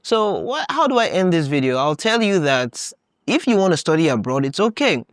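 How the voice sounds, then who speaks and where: A young man from Nigeria hosting a podcast, telling stories in a casual, animated way, laughing often and acting out his own past thoughts. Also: on the high side, moderate pace, no echo, clean studio sound. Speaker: podcast host. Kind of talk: casual storytelling monologue.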